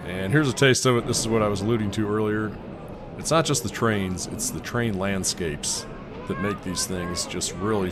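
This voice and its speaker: A man narrating his own vlog in a casual, rambling way, thinking out loud with fillers and little chuckles. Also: deep voice, very noisy. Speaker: vlogger. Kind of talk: casual voice-over commentary.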